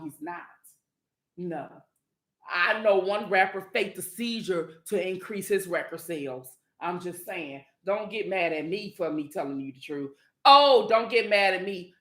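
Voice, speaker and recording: Sassy high-voiced woman ranting bluntly. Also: pushed and bright, reverberant. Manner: blunt, sassy, profane, talks straight to viewers. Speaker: channel host. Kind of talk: casual commentary monologue.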